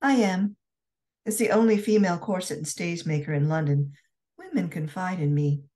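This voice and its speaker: A woman voicing a witty young Scotswoman corset maker, frank and dryly teasing, a little higher than her narration. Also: normal speed, mellow, close to an everyday voice.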